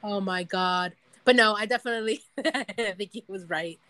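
A woman's voice: medium pitch, moderate pace, pushed and bright, dry recording, rough recording. Giggly rambling woman, dry sound. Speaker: podcast co-host. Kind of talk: casual chat.

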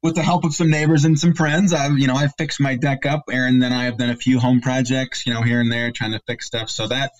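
A man's voice: medium pitch, flat delivery, fairly quick, hardly any pauses, lo-fi sound. A middle-aged man chatting as a guest on a video call from his home basement, full of fillers and restarts. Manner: rambling, many fillers and restarts. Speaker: guest, company regional director. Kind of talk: casual interview chat.

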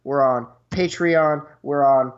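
A man's voice: fairly high pitch, slow, smooth. A man co-hosting a podcast in casual chat, rambling and repeating himself jokingly. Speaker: podcast co-host. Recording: dull lo-fi sound.

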